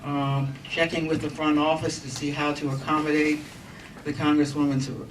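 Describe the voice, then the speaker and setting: A woman hosting a community meeting as a congresswoman, giving formal opening remarks into a handheld microphone, halting and pausing with fillers. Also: sits low, flat delivery. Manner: formal, halting delivery with frequent pauses and fillers. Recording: distant mic, noisy meeting room.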